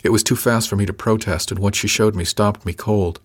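A man with a low voice reads a first-person science fiction novel aloud. His storytelling is measured and dry, paced evenly through the narration. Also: fairly even intonation. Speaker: audiobook narrator.

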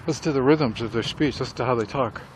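Out on a walk, a middle-aged man who vlogs about writing muses casually on crafting dialogue, drifting a bit as he goes. He speaks at a quick pace in a medium pitch while traffic hums faintly nearby.

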